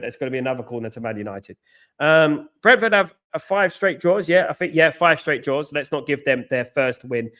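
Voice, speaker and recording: A young man hosting a live fan watchalong, chatting with viewers and reacting loudly to the football match, swinging from groans to shouts. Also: on the high side.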